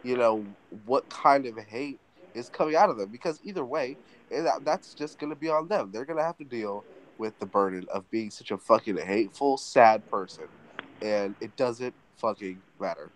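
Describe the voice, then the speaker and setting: A man's voice: medium pitch, normal speed, low-quality recording. A man co-hosting a podcast in casual chat, rambling and swearing as he retells a story. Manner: profane, rambling, animated retelling. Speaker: podcast co-host.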